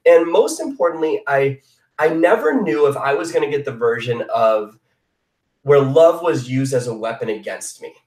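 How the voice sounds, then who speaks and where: A man's voice: mid-range voice, expressive, moderate pace, darkish tone. A young man from the Chicago area sharing a personal story in an earnest, confessional, emphatic way, as a motivational speaker on a live online hangout. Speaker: motivational speaker, former fitness coach. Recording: roomy sound from a distant mic.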